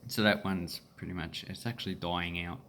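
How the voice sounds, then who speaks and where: A man with an Australian accent explaining pronunciation in a relaxed, meandering way, with filler pauses. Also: deep voice, a little hiss or hum. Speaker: language teacher. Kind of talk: casual explanatory lesson.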